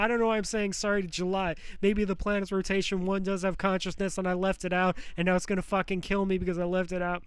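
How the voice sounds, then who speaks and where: Guy with a high clean voice, rambling and swearing, kinda raw and teary, restarts a lot. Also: clean tone, no room sound. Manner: rambling, profane, frequent fillers and restarts; emotionally raw, close to tears. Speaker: show host. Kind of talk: rambling personal monologue.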